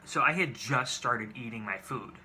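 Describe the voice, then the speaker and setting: A man's voice: mid-range voice, expressive, normal speed, pushed and bright, a little hiss or hum. A man in his twenties telling date stories to camera in a casual, exasperated and profane way, rambling with restarts. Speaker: vlogger.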